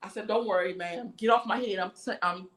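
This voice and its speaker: Medium-pitched and brisk, the woman running this livestream rants profanely and casually through a story. She gives every person in it their own acted-out voice.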